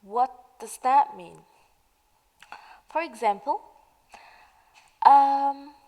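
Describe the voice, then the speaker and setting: A woman teaching the meaning of idioms in a slow, patient way, asking questions and then answering them. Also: a little high, darkish tone, big-room sound, poor audio. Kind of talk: slow explanatory lesson narration.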